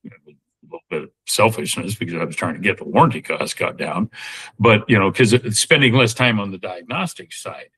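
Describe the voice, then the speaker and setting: A man's voice: fairly low pitch, a bit bright, husky, rough recording. A man in his sixties, a podcast guest talking in a casual, rambling way with lots of fillers and restarts. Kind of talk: casual interview talk.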